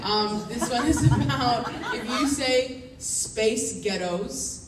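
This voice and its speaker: Playful actress, echoey hall. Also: female voice, sits high, slow pace, background noise. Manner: playful, joking. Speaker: actor guest on a fan panel. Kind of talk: casual panel chat. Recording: echoey hall, distant mic. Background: crowd.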